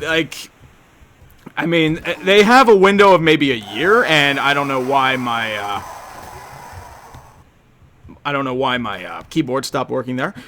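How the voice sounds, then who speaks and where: A young man chats casually to his stream while he plays, rambling from point to point with a sarcastic edge. His voice is bright and forceful and sits a little high, with a faint hiss of noise underneath. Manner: rambling, sarcastic, quick to joke. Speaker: live streamer answering chat. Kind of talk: casual live-stream chat over gameplay.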